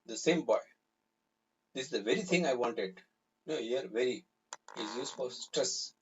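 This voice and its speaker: A man teaching a grammar lesson live, explaining slowly and repeating example sentences. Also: medium pitch, expressive, slight background noise. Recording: slightly dull, lo-fi recording.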